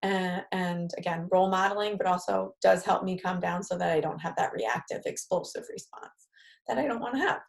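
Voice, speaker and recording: A woman's voice: lowish voice, fairly quick, creaky. A woman with a New York accent leading a live-streamed parenting workshop, talking conversationally and acting out example phrases for parents to say to children. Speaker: parenting group leader.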